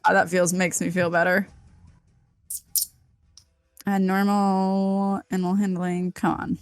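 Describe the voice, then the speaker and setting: A woman's voice: on the low side, level tone, slow pace, soft background music. A woman playing a tabletop game, chatty and laughing, who swears freely. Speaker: player. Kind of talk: casual tabletop play.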